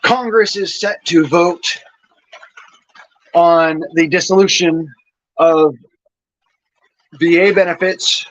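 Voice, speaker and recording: Man, veteran, furious profane rant, stammering restarts, a few beers in, fairly high voice, muffled lo-fi cell phone audio. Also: fairly even intonation, slow, pauses often, a bit bright, no room sound. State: had a couple of beers. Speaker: injured veteran ranting online. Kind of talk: angry vlog rant.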